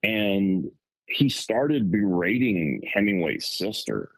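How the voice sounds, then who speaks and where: Husky, animated male storyteller. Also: on the low side, slow pace, no echo, low-quality recording. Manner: animated, rambling storyteller with many fillers. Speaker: podcast co-host. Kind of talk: casual chat, storytelling.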